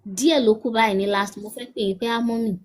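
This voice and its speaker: A woman's voice: on the high side, steady tone, rapid-fire, low-quality recording. A young woman guest speaking earnestly and candidly, mixing English and Yoruba. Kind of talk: conversational chat.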